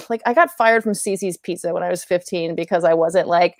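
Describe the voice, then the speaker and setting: Animated woman acting out stories. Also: a little fast, hardly any pauses, dry recording, studio quality. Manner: animated, acts out quoted voices in a high chirpy tone, laughs often. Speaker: comedian guest. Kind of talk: casual podcast chat with storytelling.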